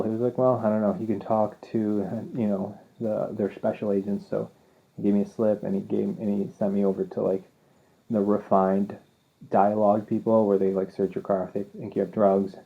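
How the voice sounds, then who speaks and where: Low gravelly man, podcast host, rambling comic storyteller, tinny phone-like audio. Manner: rambling, self-deprecating, acts out quoted dialogue. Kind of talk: casual storytelling monologue.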